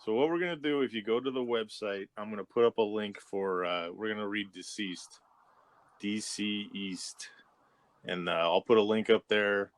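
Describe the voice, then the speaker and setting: A man co-hosting a casual podcast, relaxed and rambling, laughing often. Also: fairly low pitch, normal speed, dry recording. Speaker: podcast co-host. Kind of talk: casual chat.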